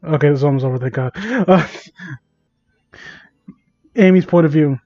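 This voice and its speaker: High-voiced man mocking fan fiction. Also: normal speed, long pauses, dark tone, no room sound. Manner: incredulous and sarcastic, laughing often. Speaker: comedy reader of fan fiction. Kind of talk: mocking dramatic reading. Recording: dull dry home mic.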